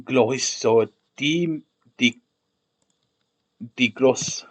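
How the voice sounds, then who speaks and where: On this stream, a man invents a language of his own, speaking extremely slowly at a medium pitch. He thinks out loud while typing, muttering and repeating words to test how they sound.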